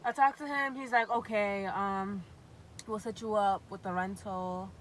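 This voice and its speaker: A young woman from Massachusetts telling a storytime vlog with animated, profane, exasperated storytelling. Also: medium pitch, measured pace, a little hiss or hum, low-quality recording. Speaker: vlogger.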